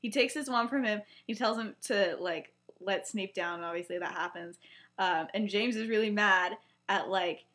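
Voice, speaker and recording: A woman's voice: medium pitch, moderate pace, a bit bright. A young woman co-hosting a podcast, casually retelling a story with many fillers and acting out the quoted lines. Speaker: podcast co-host.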